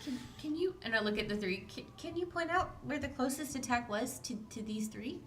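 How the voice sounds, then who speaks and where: A woman's voice: on the high side, expressive, a little fast, fairly bright tone, slight background noise. A woman playing a tabletop game, hesitant and stammering. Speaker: player. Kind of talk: casual tabletop play.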